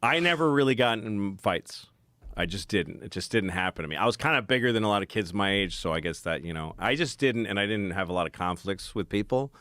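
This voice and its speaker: A man's voice: lowish voice, animated, brisk, a bit bright, no room sound. A man who is a podcast guest, telling rambling anecdotes in casual conversation.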